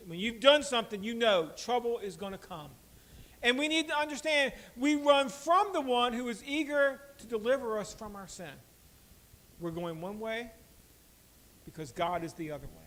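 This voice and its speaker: Man, pastor, sermon, high voice, loud emphasis then quiet asides. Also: low-quality recording. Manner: preaching with big swings between loud emphatic lines and quiet asides; addresses the congregation directly with rhetorical questions.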